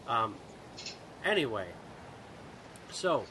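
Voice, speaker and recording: Guy co-hosting a podcast, swears a lot, fairly high voice, bit of faint noise behind. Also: a little fast. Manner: profane, animated storytelling with put-on voices. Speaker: podcast co-host. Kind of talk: casual chat. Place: home.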